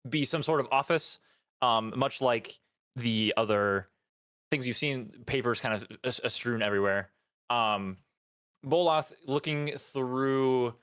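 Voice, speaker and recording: A man running a tabletop game as dungeon master, describing scenes in a halting, loose way full of ums. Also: medium pitch, fairly bright tone, smooth.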